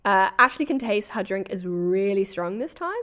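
A woman hosting a true crime podcast, telling the story in a casual, animated way with quoted voices. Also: medium pitch, moderate pace, clean tone. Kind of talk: casual chat.

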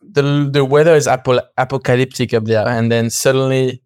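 Young male guest, lively storyteller, acts out dialogue, smooth clear voice, mid pitch. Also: brisk, no echo, studio quality. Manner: animated, acts out quoted dialogue, laughs often, swears. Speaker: podcast guest. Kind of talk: casual storytelling.

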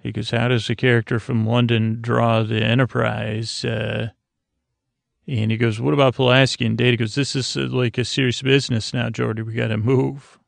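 Flat gravelly man rambling sleepily. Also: medium pitch, normal speed, dry recording. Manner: rambling retelling with many fillers. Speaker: podcast host. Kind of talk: sleepy episode recap.

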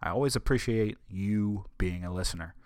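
A man's voice: on the low side, moderate pace, darkish tone, no echo. Rambling man hosting a solo podcast. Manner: rambling, stumbling over words, wry asides. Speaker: podcast host. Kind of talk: casual solo podcast monologue.

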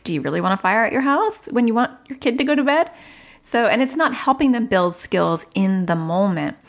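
A woman's voice: lowish voice, gravelly. A middle-aged woman hosting a parenting advice podcast, chatty and self-mocking, sometimes acting out what a child might say. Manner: chatty, laughs at herself, acts out child voices. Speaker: podcast host.

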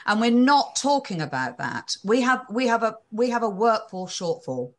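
A woman's voice: a little high, big pitch swings, moderate pace. A woman guest in an interview, answering questions thoughtfully and often restarting her sentences. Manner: thoughtful, frequent restarts and fillers, occasional laughs.

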